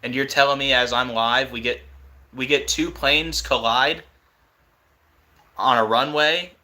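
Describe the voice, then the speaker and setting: Young male streamer, bright edgy voice, casual and excitable. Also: medium pitch. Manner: excited, disbelieving, fast-talking. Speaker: live stream host. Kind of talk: casual live stream talk.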